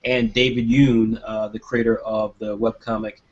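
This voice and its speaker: A man's voice: lowish voice, flat delivery, moderate pace. A man hosting a live online Q&A over a video call, making rambling announcements with filler sounds. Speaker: host. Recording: dull lo-fi call audio.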